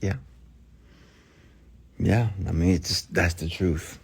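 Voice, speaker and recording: Deep-voiced middle-aged man, emphatic motivator. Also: steady tone, slow pace, gravelly, slightly rough. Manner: emphatic, swinging from hushed near-whispers to shouts. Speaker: motivational speaker. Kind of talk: motivational monologue to camera.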